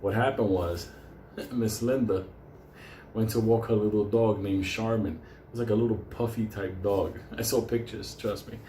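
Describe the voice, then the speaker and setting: Male storyteller, lower-pitched voice, rambling and foul-mouthed, recorded in a reverberant room. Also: fairly even intonation, moderate pace, mellow, slight background noise. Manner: digressive, swears constantly, laughs through his story. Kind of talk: casual profane anecdote. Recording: echoey room with faint ambience.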